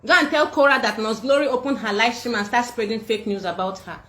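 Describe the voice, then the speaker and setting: A woman's voice: fairly high pitch, fast, a bit bright. A Nigerian woman hosting a livestream, scolding and defiant, repeating herself, speaking into a phone. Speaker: livestream host. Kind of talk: livestream rant. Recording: echoey room.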